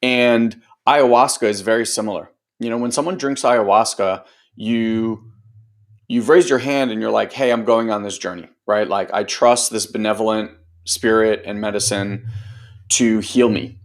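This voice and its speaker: A man's voice: lowish voice, fairly even intonation, a little slow. A man hosting a group training talk as a coach, speaking casually and loosely, with lots of fillers and the odd swear word. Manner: acts out other people's voices in quotes. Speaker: host and personal growth coach.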